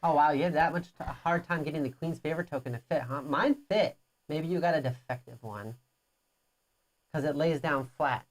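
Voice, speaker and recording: Her voice deep and her pace moderate, a woman co-hosts a live playthrough of a board game. She chats casually, poking fun at her opponent and walking through the rules at length.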